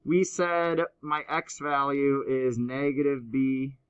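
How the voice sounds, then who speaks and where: A man teaching a high school math class, explaining step by step and teasing his students. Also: flat delivery, slow pace, clean tone, muffled recording. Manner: playful, teasing banter with students. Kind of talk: classroom lecture.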